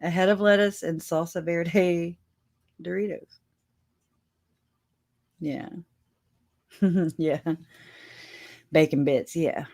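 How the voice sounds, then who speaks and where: A woman's voice: fairly low pitch, fairly even intonation, slow, long pauses, a little mellow. A woman hosting a casual livestream, chatting with her viewers and laughing often as she talks. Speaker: livestream host.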